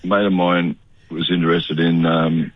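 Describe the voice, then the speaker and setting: An older Australian man, an actor, telling stories in a relaxed way during a radio interview. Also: low-pitched, normal speed, no room sound, dull audio. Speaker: actor guest.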